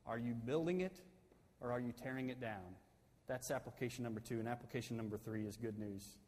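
A man preaching a sermon in a church sanctuary, his voice at an ordinary pitch for a man. He builds to loud, emphatic peaks and then falls back to a soft, intimate tone. A long reverb from the hall trails behind his words. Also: fairly quick. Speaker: pastor.

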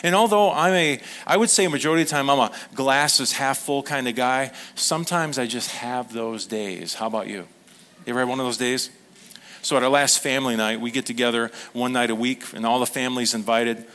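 A grandfatherly man in his fifties preaches a sermon in an easygoing, conversational way. He tells stories and keeps turning to his listeners with questions, his pitch sitting in an ordinary middle range. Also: fairly quick, fairly bright tone. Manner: conversational storytelling, asks the audience questions. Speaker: pastor.

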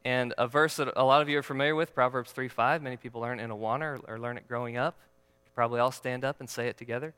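Bright, clear man preaching in a hall. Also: medium pitch, steady tone, fast. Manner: conversational, joking, asks the audience questions. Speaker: pastor. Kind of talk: sermon.

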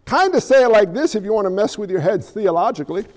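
A man preaching a sermon as pastor in an animated, conversational way with jokey asides. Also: high-pitched, quick pace, big-room sound.

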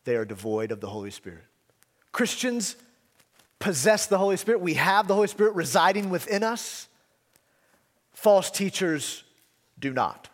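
A man's voice: high-pitched, big pitch swings, moderate pace, pauses often, big-room sound. A man preaching a sermon as pastor, emphatic, asking rhetorical questions and repeating key phrases.

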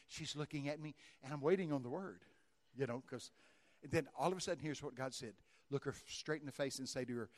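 A man preaching a sermon, telling stories in a lively way, acting out the dialogue and breaking into shouts. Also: mid-range voice, a little fast. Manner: animated, acts out dialogue and shouts in bursts of excitement. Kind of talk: sermon storytelling.

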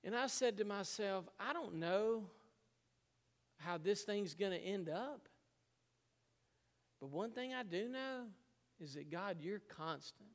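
A man's voice: high voice, long reverb tail. A man preaching a sermon, telling a personal story with emotion and frequent laughs. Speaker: pastor.

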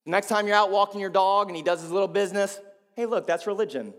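A man preaching a sermon as pastor, swinging between quiet, low passages and loud, emphatic ones. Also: fast talker, in a large hall.

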